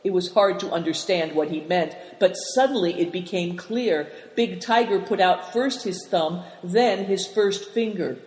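A narrator reading a children's adventure story aloud in a steady, even manner. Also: mid-range voice, unhurried, few pauses. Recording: roomy hall with long reverb.

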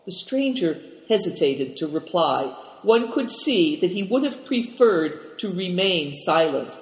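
A man's voice: high-pitched, very animated, a little slow. Man reading a story in an echoey room. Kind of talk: scripted narration.

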